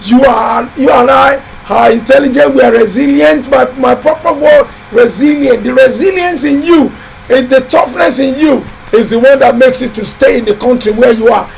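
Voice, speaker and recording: A very high-pitched man talks loudly and emphatically, hosting a live building-advice stream. He repeats himself and exhorts his viewers like a preacher. A faint hiss runs under the recording. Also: moderate pace, vocal fry, rough recording. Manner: loud, emphatic, exhorting and repetitive. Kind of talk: live-stream motivational talk.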